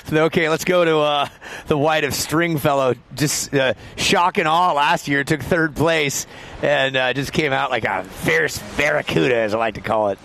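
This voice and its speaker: Guy calling a surf contest live, kinda high voice, chatty, laughs at his own stories. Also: moderate pace, vocal fry, fairly bright tone. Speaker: surf commentator. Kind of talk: live sports commentary.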